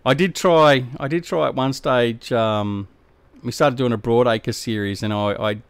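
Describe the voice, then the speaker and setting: A man's voice: medium pitch, a little slow, smooth, no room sound. A middle-aged Australian man chatting casually on a game live stream, rambling and slangy as he answers his viewers. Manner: laid-back, rambling, slangy.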